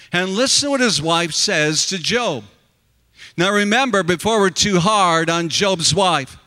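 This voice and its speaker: Slow, high-voiced male preacher. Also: bright, forceful tone, big-room sound. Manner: earnest, slow and emphatic, addresses the congregation as friends. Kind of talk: sermon.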